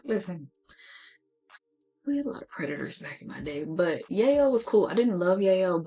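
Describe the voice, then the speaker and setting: A young woman with a low, gravelly voice talks straight to her viewers in a sassy, candid storytime chat. Her delivery is casual and unfiltered, like she is catching up with a friend. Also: darkish tone. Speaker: beauty vlogger.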